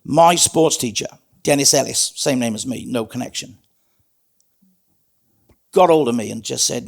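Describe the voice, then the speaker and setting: A man's voice: mid-range voice, normal speed, vocal fry, pauses often. A middle-aged man, telling his life story as a guest in an interview in an earnest, plain-spoken way. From South Wales. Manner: earnest, plain-spoken, calls the host mate.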